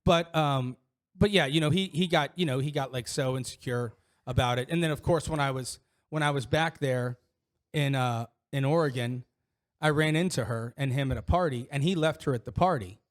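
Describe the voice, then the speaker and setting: A man's voice: mid-range voice, normal speed. A middle-aged man co-hosting a podcast, telling personal stories in a candid, rambling way full of restarts and fillers. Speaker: podcast co-host. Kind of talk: casual chat.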